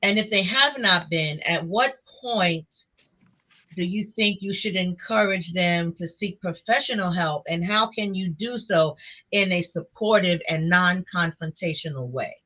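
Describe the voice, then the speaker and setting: Bright-voiced host on muffled audio. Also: mid-range voice, unhurried. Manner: asks thoughtful questions, affirms often. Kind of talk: hosting a discussion. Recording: dull lo-fi audio.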